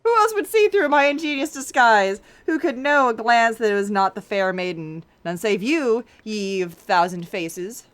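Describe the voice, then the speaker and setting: A woman putting on a pompous gentleman detective. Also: fairly high pitch, expressive, normal speed, few pauses. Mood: smug. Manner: pompous, declamatory. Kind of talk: reading game dialogue aloud.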